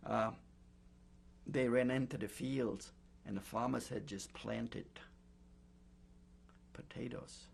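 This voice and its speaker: An older man recounting his memories in an oral history interview, speaking in a halting way with many pauses and fillers. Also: mid-range voice, fairly even intonation, creaky, slight background noise. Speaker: Holocaust survivor giving testimony.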